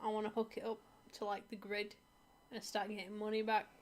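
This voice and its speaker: A woman's voice: mid-range voice, completely flat delivery, brisk. A woman with a hard-to-place mixed accent, co-hosting a casual live stream with playful, giggly asides. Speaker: co-host.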